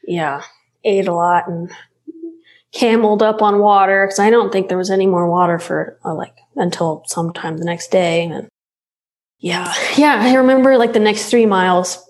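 A woman telling a story in a casual interview, laughing often and acting out her own shouting. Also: mid-range voice, moderate pace. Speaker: guest.

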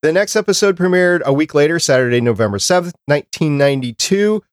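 A man's voice: a little high, lively intonation, fast, dry recording, studio quality. A man hosting a podcast in casual chat, reading out dates and lists in a talkative way. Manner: chatty, reads out dates and lists. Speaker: podcast host.

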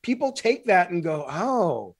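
An animated man from Alabama talks shop in a casual conversation, acting out little quoted scenes and swearing freely. His voice sits a bit higher than most men's, and the sound is close and dry. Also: moderate pace, dry recording. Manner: animated, profane, acts out quotes. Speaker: game developer guest.

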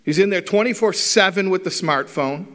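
A man's voice: high voice, normal speed. A middle-aged man giving a talk to a live audience, telling stories with wry humour and acting out the dialogue. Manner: animated storyteller, acts out dialogue.

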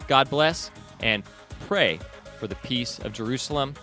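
A man's voice: medium pitch, expressive, unhurried, pushed and bright, faint music behind. A man hosting a news commentary podcast, reading book passages aloud with his own asides. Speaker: podcast host.

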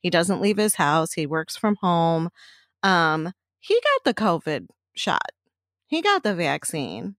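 A woman's voice: lowish voice, big pitch swings, slow pace, a bit bright, dry recording, clean studio sound. A middle-aged woman in casual chat, ranting bluntly and swearing freely.

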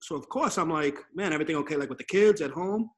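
A man hosts a casual podcast by video call, talking in a slightly high voice. He tells stories with lots of energy and acts out other people's lines as he goes. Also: fast. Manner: animated storyteller, acts out quoted voices. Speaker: podcast host. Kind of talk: casual remote podcast chat.

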